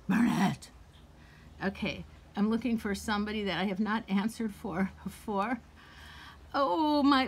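A woman giving tarot readings on a casual live stream, chatty and effusive, with casual swearing. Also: mid-range voice. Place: at home on a live video call.

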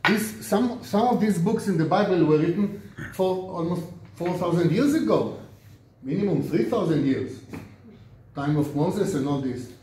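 Older Israeli rabbi lecturing in an echoey room. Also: male voice, high-pitched, expressive, moderate pace, dark tone. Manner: chatty, asks the class questions, repeats words for drill. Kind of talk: informal classroom lecture. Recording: echoey lecture room, mic far off, faint noise.

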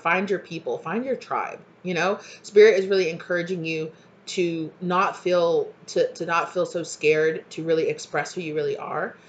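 Rambling, encouraging tarot reader, muffled audio. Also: mid-range voice. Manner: rambling, frequent fillers and "you know"; earnest and encouraging. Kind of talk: casual collective tarot reading.

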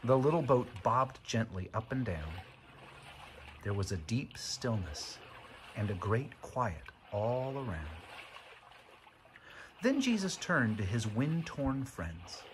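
A man narrating a children's Bible storybook in an expressive, dramatic way. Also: medium pitch, slow pace, pauses often, a little hiss or hum.

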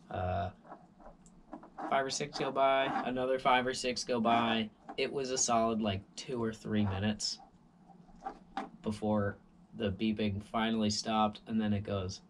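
A man's voice: medium pitch, measured pace, a little hiss or hum. A tired man vlogger telling a rambling story in a casual monologue, full of voices and sound effects.

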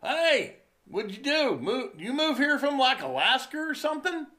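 A man mimicking a brash, clueless young guy in a high whine. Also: very animated, normal speed, pushed and bright, heavily acted. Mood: mocking.

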